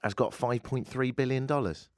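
A man's voice: mid-range voice, moderate pace, no room sound, studio quality. A man hosting a podcast, chatting casually and joking, now and then putting on silly voices. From Britain. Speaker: podcast host. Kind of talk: casual chat.

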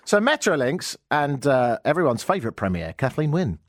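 A man's voice: mid-range voice, sing-song, normal speed, slight background noise. A man with an English accent hosting a radio talk show, ranting with sarcastic, joking asides.

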